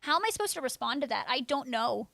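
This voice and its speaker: A woman's voice: high voice, sing-song, fast, gravelly, a bit bright, no room sound. A young woman streaming live, chatting casually and bubbly as she reads out her viewers' messages.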